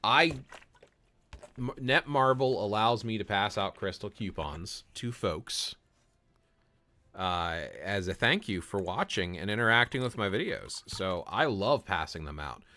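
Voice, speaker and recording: A man's voice: fairly low pitch, animated, unhurried, sharp tone. A man live-streaming a mobile game in casual chat, greeting viewers by name, answering chat and often repeating words as he talks. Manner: chatty, friendly, repeats words and restarts often.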